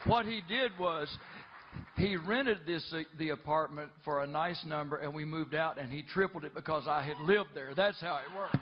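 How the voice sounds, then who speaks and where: A man's voice: fairly high pitch, moderate pace. Man in the audience calling out from a distance. Muffled sound, noisy crowd around him. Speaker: friend and former tenant in the audience.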